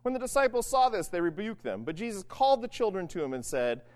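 A man's voice: high-pitched, fast talker. A man delivering a sermon, reading scripture and then talking it through in a conversational way with frequent asides. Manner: conversational, animated, frequent asides like "right?" and "you know". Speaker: preacher. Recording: long reverb of a large hall.

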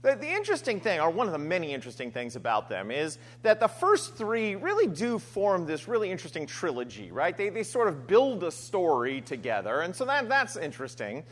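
Male pastor, sermon, chatty and animated, higher voice. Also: a little fast, few pauses. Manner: conversational, frequent "right?" asides and restarts.

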